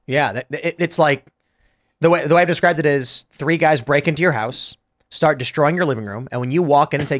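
A man hosting a podcast panel, arguing points in an animated, storytelling way with frequent restarts. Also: fairly high pitch, fairly quick. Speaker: podcast host. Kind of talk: casual panel debate.

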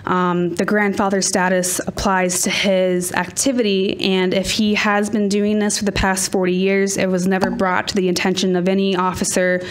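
Measured woman explaining regulations. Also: medium pitch, little pitch movement. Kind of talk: public meeting discussion.

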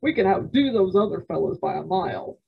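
A woman's voice: fairly low pitch, lively intonation, fairly quick, gravelly, husky, narrow, tinny audio, heavily acted. A woman voicing an eager, boastful teenage cowboy boy in a read-aloud story. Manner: eager, cocky.

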